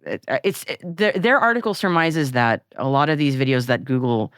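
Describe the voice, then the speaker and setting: A woman co-hosting a podcast in casual chat, animated and laughing often, with frequent restarts. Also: a bass voice, moderate pace, no room sound, clean studio sound. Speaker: podcast co-host.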